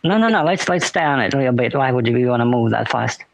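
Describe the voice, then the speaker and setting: A man's voice: medium pitch, animated, fast talker, vocal fry, dry recording, rough recording. A man co-hosting a podcast, bantering casually and musing in a philosophical way. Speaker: podcast co-host. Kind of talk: casual chat.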